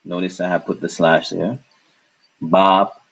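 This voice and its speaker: A man's voice: lowish voice, expressive, unhurried. A man teaching a language lesson, patiently breaking words into syllables and repeating them. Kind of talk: slow step-by-step lesson. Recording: dull lo-fi recording.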